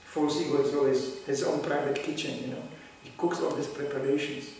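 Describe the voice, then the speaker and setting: A man's voice: fairly high pitch, level tone, brisk, darkish tone. A man giving an informal scripture class, telling stories, acting out what people say in little voices and chuckling often. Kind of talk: informal sermon with storytelling. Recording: roomy hall, mic at a distance, faint background hum.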